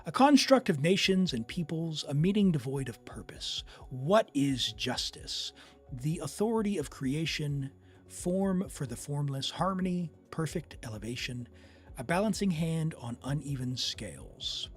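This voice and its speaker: A man doing a put-on narration voice, reading grand lore slowly and dramatically. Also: fairly high pitch, sing-song, soft background music. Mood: solemn. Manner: slow, measured, dramatic recitation. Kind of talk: dramatic read-aloud of game text.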